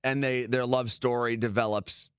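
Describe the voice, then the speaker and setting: A man's voice: medium pitch, flat delivery, moderate pace, smooth, dry recording, clean studio sound. A man from New Jersey co-hosting a casual chat, explaining things at length in an easygoing way.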